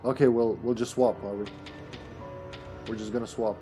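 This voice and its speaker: A man's voice: medium pitch, steady tone, moderate pace, warm tone, faint music behind. A man streaming a co-op video game, chatting casually, joking and laughing, sometimes putting on a mock British voice. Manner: jokey, laughs a lot, puts on a mock British voice. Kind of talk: casual gameplay chat.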